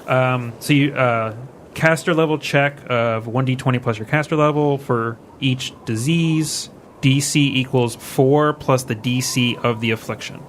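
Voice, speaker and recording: A man with an average-pitched voice works through game rules aloud, hesitating and musing. Faint noise sits under the recording. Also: measured pace. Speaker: player. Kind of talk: tabletop game play, rules talk.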